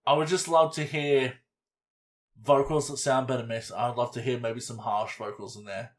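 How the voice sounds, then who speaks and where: A man's voice: mid-range voice, normal speed. Rambling, swearing man. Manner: rambling, animated, swears casually. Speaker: podcast co-host. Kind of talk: casual chat reviewing an album.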